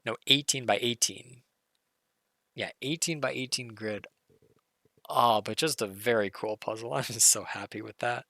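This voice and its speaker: Streamer, male, hoarse and gravelly, bright tone, dry close mic, live puzzle solve talked through aloud. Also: mid-range voice, unhurried, no room sound. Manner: muttering, self-correcting, excited.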